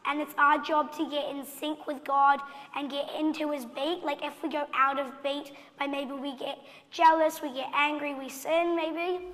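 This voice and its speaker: High-voiced woman sharing casually. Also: little pitch movement, normal speed, a bit bright. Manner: casual, hesitant fillers. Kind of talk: short testimony. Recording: reverberant hall.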